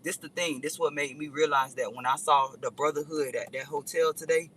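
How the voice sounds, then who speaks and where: A woman's voice: deep voice, fairly quick, a little hiss or hum, poor audio. A woman vlogger telling a rambling story in a casual chat, speaking straight to her viewers. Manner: animated, rambling, addresses viewers directly.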